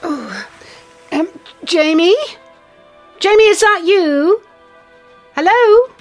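Casting: fretful British mum, high and very expressive. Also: female voice, unhurried, soft background music. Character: anxious, fussing British mother. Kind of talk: radio drama acting.

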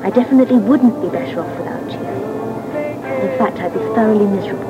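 A woman's voice: mid-range voice, quick pace, close to an everyday voice. A woman playing a dreamy, eager young Englishwoman. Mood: earnest. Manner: earnest, dreamy and chatty. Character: eager young woman eloping with her lover. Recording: dull radio audio with music.

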